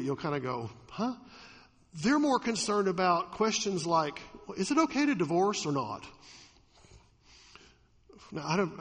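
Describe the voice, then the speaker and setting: A pastor preaching a sermon, swinging from loud emphatic peaks to quiet asides and asking his listeners questions. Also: high-pitched, husky, big-room sound. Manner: asks the audience questions.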